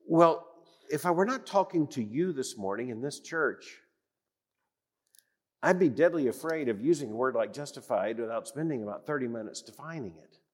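A man preaching an emphatic sermon in a church, repeating phrases for weight and swinging from loud declarations to hushed tones. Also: mid-range voice. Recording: long reverb of a church hall.

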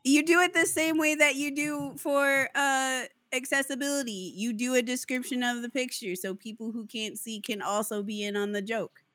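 A woman's voice: sits high, fairly even intonation, moderate pace, few pauses, fairly bright tone, no room sound, clean studio sound. A woman co-hosting a podcast, chatting casually with a playful, persistent manner. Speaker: podcast co-host.

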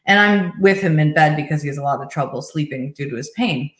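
A middle-aged woman, a life coach, telling a personal story in an earnest, reflective way with soft laughs. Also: deep voice, fairly quick. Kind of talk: conversational interview storytelling. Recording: echoey room.

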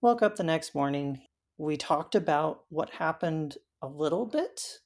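A woman as an interview guest, telling her story in a halting way with frequent fillers. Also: deep voice, lively intonation, a little mellow. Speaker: interview guest recounting a hike.

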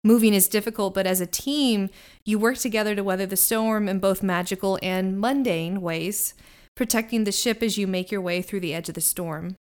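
A woman's voice: medium pitch, normal speed, darkish tone. Woman game master narrating a tabletop game. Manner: vivid descriptive narration.

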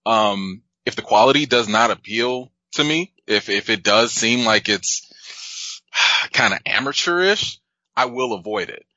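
A man hosting a casual panel of film critics, joking with his guests and summarizing their points in a relaxed way. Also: fairly low pitch, measured pace, no room sound, muffled recording.

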